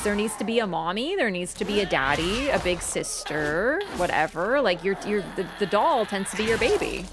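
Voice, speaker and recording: A young woman streaming a horror game live, chatting excitably, joking and swearing at the game. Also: mid-range voice, normal speed, hardly any pauses, music in the background. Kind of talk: live let's-play chat.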